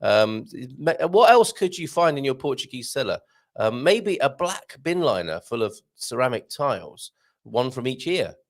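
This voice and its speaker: A man's voice: mid-range voice, sing-song, normal speed. A man hosting a live stream, chatting with viewers in a giggly, rambling way with plenty of ums. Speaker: host.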